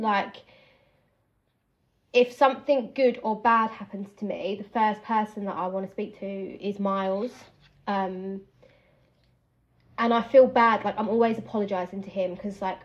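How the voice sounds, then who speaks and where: A young woman talking openly on her podcast while doing her hair at home. Her chat is rambling and candid, full of restarts. Her pitch sits in a middle range, and the home recording sounds a little dull and muffled. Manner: chatty, rambling, candid, stops and restarts mid-thought. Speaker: podcast host. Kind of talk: casual chat.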